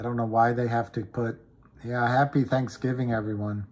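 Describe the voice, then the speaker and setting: A man hosting a casual livestream, chatting slowly and rambling while reading viewer comments aloud. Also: mid-range voice, level tone, a little mellow. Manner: slow, rambling, reads chat comments aloud. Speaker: livestream host. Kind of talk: casual livestream chat about stocks.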